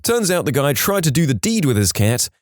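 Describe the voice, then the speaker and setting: A man reads submitted stories aloud in a scripted storytime style, his voice swinging up and down with lively, animated pitch. He drops in wry joking asides between the tales. The recording is close and dry, with no room sound. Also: a little fast, dry recording. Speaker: narrator of reader-submitted stories.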